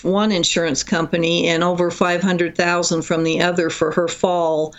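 A guest in an interview, telling a long case story in an animated, detailed way. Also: medium pitch, moderate pace.

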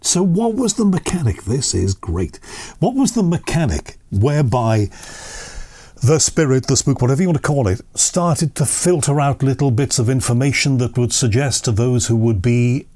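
A man's voice: medium pitch, animated, moderate pace, mellow. Man asking rambling, curious questions. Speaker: interviewer. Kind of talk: conversational interview.

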